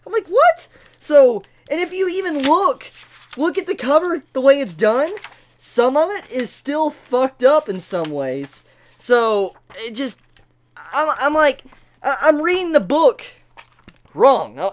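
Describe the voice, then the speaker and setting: A woman reviewing manga in a casual vlog, stammering over her words, swearing often and telling her story with exasperation. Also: fairly high pitch. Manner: stammering repeats, frequent swearing.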